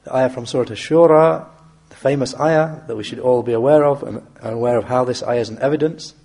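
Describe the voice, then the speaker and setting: A man teaching an Islamic text in a measured, deliberate way, reciting verses quickly in Arabic and then explaining them slowly. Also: mid-range voice, darkish tone, breathy edge. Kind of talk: explaining a classical text in a lesson.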